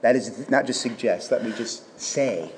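A man's voice: medium pitch, unhurried, a little mellow, long reverb tail, a little hiss or hum. A middle-aged man preaching a sermon, earnest and explanatory, with humorous asides about his family. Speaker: pastor.

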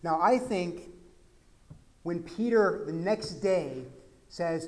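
A man from Texas, a pastor, preaching a conversational sermon that swings from quiet asides to loud, emphatic peaks. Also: sits high, drawn-out words, pauses often.

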